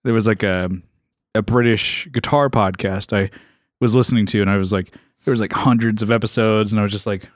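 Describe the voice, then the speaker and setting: A man's voice: on the low side, steady tone, fairly quick, no room sound, studio quality. A man co-hosting a casual comedy podcast, laughing often and rambling with many fillers.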